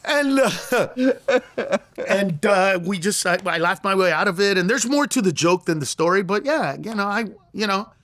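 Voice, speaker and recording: A man's voice: high-pitched, lively intonation, moderate pace, fairly bright tone, no room sound. Middle-aged guy comedian spinning a story, voice jumping all over, dry close sound. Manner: acts out quoted lines in raised voice, laughs through story. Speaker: comedian guest. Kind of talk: animated storytelling in conversation.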